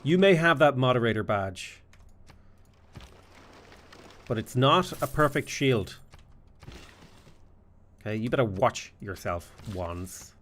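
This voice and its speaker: Lively Irish man streaming a strategy game. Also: mid-range voice, takes it slowly, long pauses. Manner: joking banter with chat. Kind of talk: live gameplay commentary.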